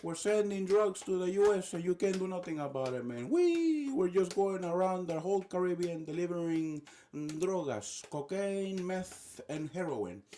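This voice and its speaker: A man's voice: on the high side, mellow, slight background noise, voice pushed up, close to an everyday voice. A man doing a groveling, whiny dictator. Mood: taunting. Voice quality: whiny, pleading, drawn-out. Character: panicked, begging male dictator, whiny and groveling. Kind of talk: comic impression in a livestream rant.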